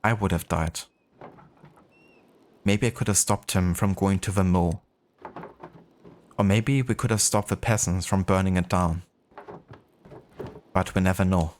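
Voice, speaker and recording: A man with a German accent voicing a gentle, regretful older father, reading game dialogue aloud slowly and softly. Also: deep voice, steady tone, slight background noise. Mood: reflective.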